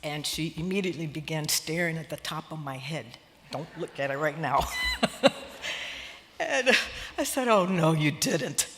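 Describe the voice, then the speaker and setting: A woman's voice: low-pitched, lively intonation, measured pace, slight background noise. An older woman speaking at her sister's memorial, emotional and laughing through tears as she shares memories and reads a poem. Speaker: sister of the deceased giving a eulogy. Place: church sanctuary. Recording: long church-hall reverb.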